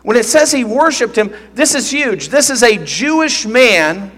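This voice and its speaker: A man's voice: extremely high pitch, lively intonation, measured pace, fairly bright tone. A man preaching a sermon as pastor, teaching earnestly and emphatically, often repeating phrases. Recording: long reverb of a large hall.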